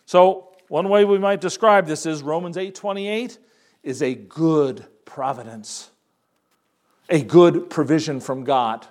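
A man preaching a sermon, reading scripture slowly with emphasis and adding casual asides. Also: on the high side, darkish tone.

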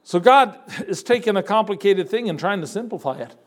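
High-voiced emphatic male preacher. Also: animated. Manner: emphatic, pausing, repeats words when building a point; folksy, addresses listeners as folks. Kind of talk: sermon.

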